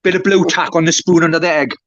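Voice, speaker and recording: A man's voice: on the high side, fairly even intonation, quick pace, a bit bright, dry recording. A man on a live stream panel, talking bluntly and emphatically, swearing a lot. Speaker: panel guest. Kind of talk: casual banter on a live stream. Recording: dull, dry lo-fi call audio.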